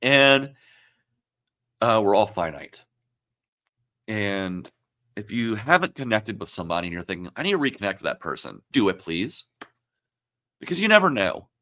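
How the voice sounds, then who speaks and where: A man turning forty, hosting his own livestream and talking in a reflective, halting, emotional way, with many pauses and fillers. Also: fairly low pitch, lively intonation, a bit bright. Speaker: livestream host. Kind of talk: casual livestream talk.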